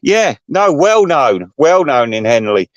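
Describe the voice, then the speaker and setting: A man's voice: a little high, big pitch swings, unhurried, no room sound, dull audio. A man hosting his channel, ranting in a rambling, gossipy and profane way. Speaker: channel host. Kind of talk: rambling livestream rant.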